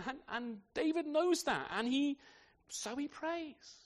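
A man preaching an expository sermon in a church, animated, asking his listeners rhetorical tag questions and restarting phrases as he goes. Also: very high-pitched, slow pace. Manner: repeats words as he restarts phrases. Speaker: pastor.

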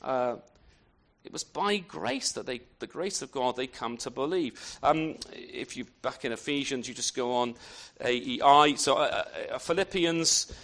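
A man's voice: mid-range voice, a little slow, a bit bright. A man preaching a sermon in an unscripted way, often restarting phrases and asking rhetorical questions.

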